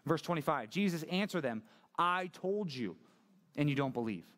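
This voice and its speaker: A man's voice: on the high side, normal speed. A man preaching a sermon as pastor, talking conversationally, asking his listeners questions and acting out the voices he quotes. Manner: conversational, asks the congregation questions; animated, acts out quoted voices.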